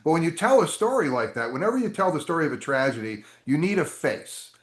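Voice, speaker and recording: A man telling long stories as an interview guest, chatty and animated, with many asides. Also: a little high, fast. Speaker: interview guest, game designer. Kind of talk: storytelling interview answers. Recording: roomy echo.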